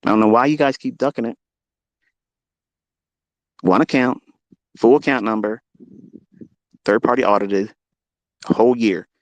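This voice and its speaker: A man's voice: medium pitch, unhurried, long pauses, no room sound. A trading educator, a man, giving a profane, boastful, combative rant to his livestream viewers.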